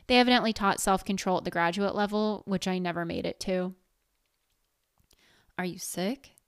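A woman's voice: medium pitch, fast, clean tone, no room sound. A woman narrating a first-person story in a wry, sarcastic, conversational way, recorded close to the mic.

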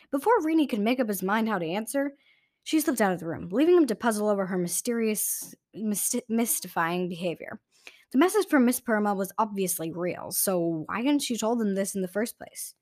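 A woman's voice: medium pitch, brisk, dry recording. Woman reading a storybook, dry close sound. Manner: steady, clear reading with small slips. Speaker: audiobook reader. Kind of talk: storybook narration.

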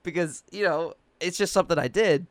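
A man's voice: fairly high pitch, fairly quick, no room sound, clean studio sound. A man hosting a casual chat, talking loosely with many fillers and laughing often.

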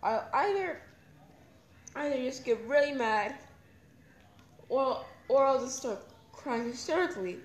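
A woman's voice: high voice, expressive, unhurried, pauses often. A young woman hosting her own podcast, talking candidly and emotionally in a rambling, casual way. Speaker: podcast host. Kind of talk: casual personal talk. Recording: echoey room with faint ambience.

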